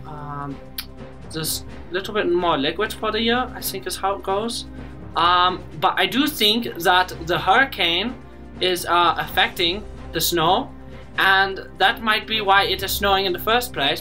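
A young man playing a mock news reporter in a school comedy sketch, hesitant and filling pauses with ums. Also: on the high side, lightly acted. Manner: hesitant, full of ums and uhs, deadpan. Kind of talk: amateur comedy news parody.

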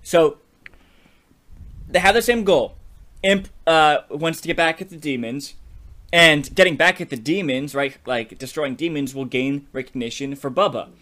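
A young man co-hosting a podcast, telling a silly story idea in an animated, playful way. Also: on the high side, normal speed. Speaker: podcast co-host. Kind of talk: casual brainstorming chat.

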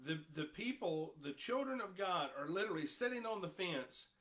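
Male pastor, bright and slightly high voice, impassioned sermon delivery with a chatty aside style. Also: expressive, moderate pace. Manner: impassioned, reads scripture aloud, rises in pitch and volume when stressing points; conversational asides to the congregation.

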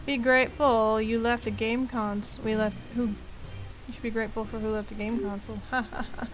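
A woman casually commenting while playing a video game, joking, swearing and shouting at enemies. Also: a little high, little pitch movement, normal speed, rough recording. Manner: playful, swearing, voicing game characters. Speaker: game streamer. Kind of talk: gameplay commentary.

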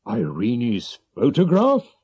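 A man voicing an excitable king in a storybook reading, exclaiming emphatically. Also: lowish voice, slow pace, no echo, dull audio, exaggerated voice. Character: excitable, grateful middle-aged male king.

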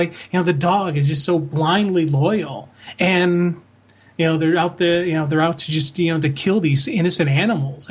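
A man co-hosting a comics fan podcast, talking in a rambling, heartfelt way with many fillers and restarts. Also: on the high side. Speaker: podcast co-host. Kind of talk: casual chat.

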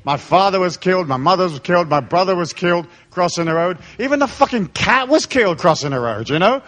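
A man's voice: sits high, expressive, quick pace, fairly bright tone. A man giving a live spiritual lecture, irreverent, joking and profane. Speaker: spiritual speaker.

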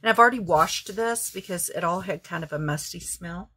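A woman's voice: lowish voice, brisk, bright, forceful tone, breathy edge. A woman craft vlogger chatting casually and ramblingly as she shows off her thrift finds, often correcting herself. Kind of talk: casual show-and-tell haul.

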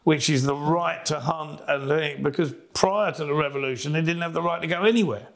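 A middle-aged Englishman with a gravelly, slightly high voice talks in a casual podcast chat. He is blunt and opinionated and jokes as he goes. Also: fast talker, a bit bright. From England. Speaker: podcast co-host.

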